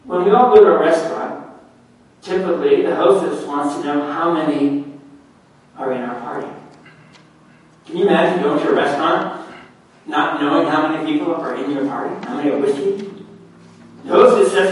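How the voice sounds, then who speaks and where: A male pastor preaching a sermon, slow and emphatic, often dropping to a hush. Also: a little high. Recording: very echoey room, heard from a distance.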